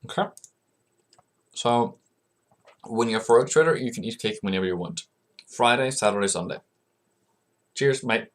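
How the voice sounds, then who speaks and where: A man's voice: medium pitch, moderate pace, pauses often. A man hosting a trading video, giving casual chart commentary and answering his own questions in a chatty way. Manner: asks himself questions and answers them; chatty, coaxes viewers as "mate". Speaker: forex trading channel host.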